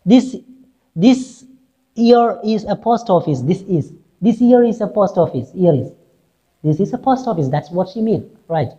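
A woman's voice: mid-range voice, lively intonation, measured pace, dark tone, breathy edge. A woman English teacher talking through a play, who repeats lines and checks in with "right?", on a dull lo-fi recording. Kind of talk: explaining a play in class.

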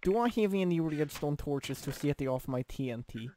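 A man's voice: fairly high pitch, lively intonation, moderate pace, background noise. Young man chatting through a game. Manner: joking, narrates his play, tries mock accents. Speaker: gamer playing with a friend. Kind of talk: casual gaming chat over voice call.

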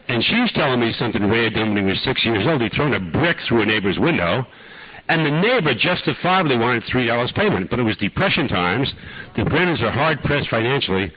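A man's voice: on the low side, lively intonation, brisk, dry recording. An older man preaching in a folksy, dramatic storytelling way that rises to impassioned pleading, on an archive recording. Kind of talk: storytelling sermon. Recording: dull lo-fi archive talk recording.

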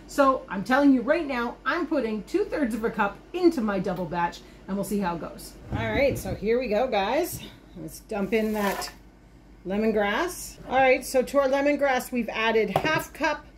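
A slightly high voice with lively intonation comes at normal speed over a faint hiss or hum. She's a homesteading vlogger whose casual video moves from an outdoor garden tour to the kitchen, where she excitedly explains a recipe mid-task.

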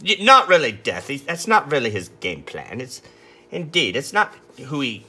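A man walks viewers through a drawing tutorial as he sketches, casual and amused by his own remarks. He speaks at medium pitch with wildly swooping intonation and a measured pace, his tone sharp and husky.

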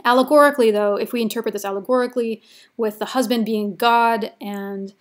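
A woman with a fairly high voice lecturing on ancient poetry for a recorded class. She talks in a loose, conversational way, full of casual fillers, and often rushes ahead in quick bursts. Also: steady tone. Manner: chatty, informal, many "like" and "kind of" fillers. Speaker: literature lecturer.

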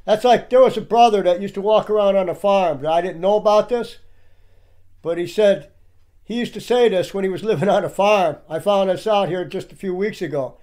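Male commentator, preaching tone, calls out to his listeners often, fairly high voice. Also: moderate pace, darkish tone. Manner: emphatic, keeps addressing the audience as "people". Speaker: religious commentator. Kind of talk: preaching commentary over clips.

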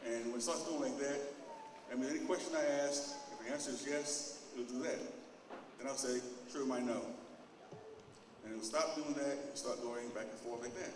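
A man giving a casual live demonstration talk to an audience, directing volunteers and getting animated as he tells stories. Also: mid-range voice, a little fast. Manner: gets loud and animated in stories. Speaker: opening speaker at a lecture. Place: large echoing hall. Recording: echoey hall, distant mic, background noise.

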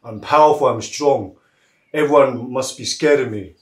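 A man voicing a huge, proud male elephant who booms about his strength, with a roomy echo around him. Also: normal speed, close to an everyday voice. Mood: boastful.

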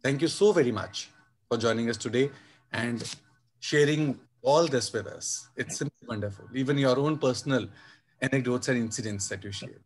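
A man, hosting an online session and closing it with formal thanks, warm and full of praise. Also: medium pitch, moderate pace. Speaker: host of the session.

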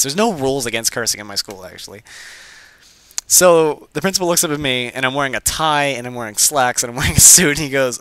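A man's voice: medium pitch, quick pace, fairly bright tone, clear, resonant tone, no echo. A teenage boy hosting a game channel, talking in a hyper, rambling casual chat that keeps interrupting itself. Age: teens.

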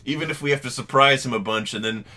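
Male co-host, even mid voice, wordy deadpan humor. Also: mid-range voice, fast. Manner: dry, wordy deadpan riffs. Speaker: podcast co-host. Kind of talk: casual comedic banter.

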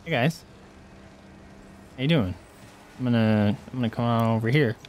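There's slight background noise as a mid-range-voiced man, speaking at normal speed, commentates his live game stream. Excitable and chatty, he swears and yelps at enemies and calls out viewers by name to thank them.

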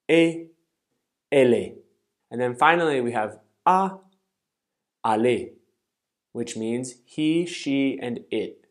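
A man teaching a language lesson, explaining things step by step in a clear, methodical way and saying example words slowly and carefully. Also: medium pitch. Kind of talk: scripted online language lesson.

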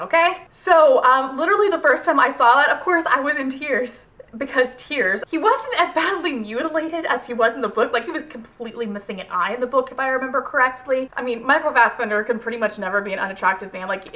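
A book vlogger with a high, sharp-toned voice reviews a film adaptation in a casual vlog. She gushes emotionally, chatting and rambling with plenty of fillers.

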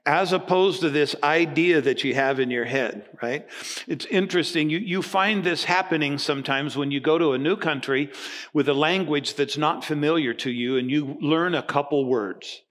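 A man in his sixties preaching a sermon as pastor, telling stories in a lively way and acting out both sides of conversations. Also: fairly high pitch, moderate pace. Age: 60s. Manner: animated storytelling, acting out dialogue.

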